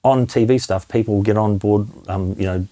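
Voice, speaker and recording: A man's voice: fairly low pitch, normal speed, dark tone. A man in his fifties with a New Zealand accent, a comedian telling blunt stage stories as a guest in a casual chat. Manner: blunt storytelling with frank swearing.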